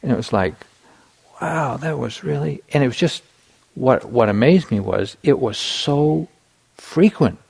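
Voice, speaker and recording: A middle-aged man giving a meditation dharma talk, telling a personal story in a relaxed way with many fillers and restarts. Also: medium pitch, a little slow, vocal fry, slightly rough. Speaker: meditation teacher.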